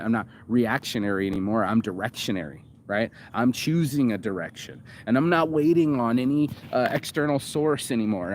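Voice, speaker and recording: A man of middle pitch talks off the cuff in a loose, rambling monologue. He swears freely and trips over fillers and restarts. A faint hiss runs underneath. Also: a little mellow. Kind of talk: casual monologue reacting to a video.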